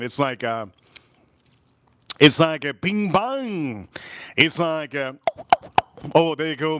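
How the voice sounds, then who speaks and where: A man hosting a live tasting stream who rambles and jokes, his voice sitting a little higher than most men's. He tells loose, jokey stories, rushing some lines and dragging out others. The sound is dry and close, with no room around it. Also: pushed and bright, dry recording. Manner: rambling, jokey storyteller with quick bursts and slow drawn-out remarks; slips into high put-on voices for quoted people. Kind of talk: casual live-stream chat.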